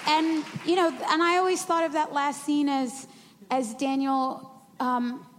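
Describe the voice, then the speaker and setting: Animated woman on a reverberant panel stage. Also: high voice, measured pace, crowd noise. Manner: lively, animated storytelling. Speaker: panelist, former cast member. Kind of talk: casual panel chat. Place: large hall with live audience. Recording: reverberant hall with audible background noise.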